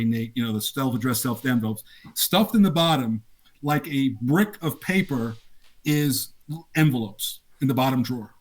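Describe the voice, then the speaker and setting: An older man tells animated stories from his years as a game designer, laughing often as he goes. His voice sits a little high for a man. The talk is a relaxed interview chat. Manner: animated, laughing anecdotes with acted quotes. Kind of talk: casual storytelling interview.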